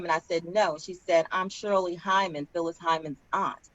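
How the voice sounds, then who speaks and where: A woman singer and co-host on a video call, telling a story earnestly, with halting starts. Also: on the low side, fairly bright tone, muffled recording. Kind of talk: casual panel chat.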